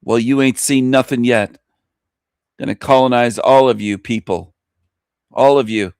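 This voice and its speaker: A man's voice: mid-range voice, fairly even intonation, a little slow, darkish tone, smooth, no echo. Taunting male show host, dry sound. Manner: boastful, taunting, laughs at own lines. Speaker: host of a live internet talk show. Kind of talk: provocative monologue rant.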